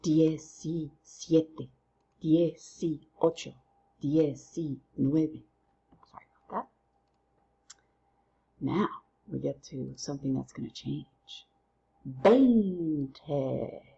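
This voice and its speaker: A woman teaching a recorded lesson through counting drills, playful and quick to use silly memory tricks. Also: a bass voice, animated, gravelly, mellow, breathy edge, lo-fi sound. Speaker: Spanish teacher.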